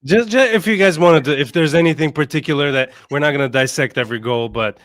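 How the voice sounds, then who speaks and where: A man hosts a casual football podcast, chatty and quick with a joke. His voice is mid-pitched, and the recording is dry, with little room sound. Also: a bit bright, no echo. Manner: jokey and chatty. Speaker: podcast host.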